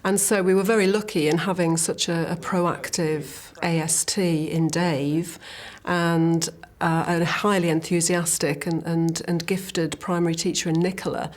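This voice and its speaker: A woman with a slightly low voice speaks in a measured, appreciative way. She leads an education project and is being interviewed. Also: steady tone. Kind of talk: interview talk.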